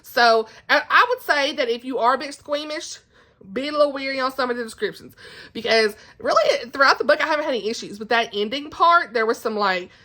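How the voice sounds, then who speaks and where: At home, a woman chats casually into her phone camera for a reading vlog, gushing over a book and laughing often. Her voice is high and fairly quick with a sharp tone, and she says "like" a lot while getting emotional.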